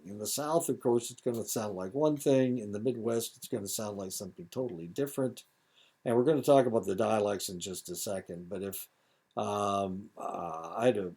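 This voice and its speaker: A man in his seventies from Indiana lectures with his local accent, drifting into asides and filling pauses with "uh". His voice sits low and mellow, with a soft, husky edge. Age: 70s. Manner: rambling, digressive with many fillers. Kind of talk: recorded lecture.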